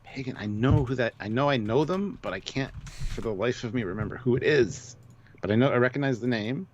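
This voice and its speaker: A man's voice: medium pitch, fairly quick, darkish tone, muffled recording, slight background noise. A British man co-hosting a casual episode review, laid-back and agreeable, reading out viewer comments. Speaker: podcast co-host.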